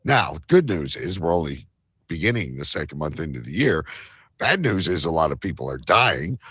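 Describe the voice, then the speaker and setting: A man's voice: rumbling low, sing-song, normal speed, a bit bright, breathy edge, no echo, studio quality. A man co-hosting a casual live-stream chat show, rambling, joking and swearing casually. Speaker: co-host.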